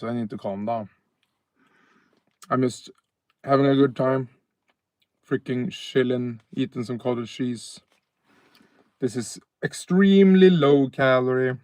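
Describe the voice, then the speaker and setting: A man's voice: medium pitch, darkish tone, no echo. A man from northern Sweden with a Swedish accent, chatting casually on a live stream outdoors at night, laid-back and rambling with fillers and self-corrections.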